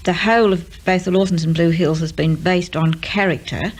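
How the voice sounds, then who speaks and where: An older woman, a radio serial writer, talking in an unhurried way with frequent ums and uhs. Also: on the low side, fairly even intonation, rough recording. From Australia. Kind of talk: relaxed interview and dictation.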